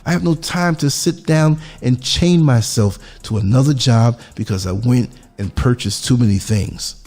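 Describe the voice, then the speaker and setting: A man's voice: medium pitch, measured pace, darkish tone, husky, faint music behind. A man from the United States giving a reflective podcast monologue, earnest and musing, putting questions to the listener.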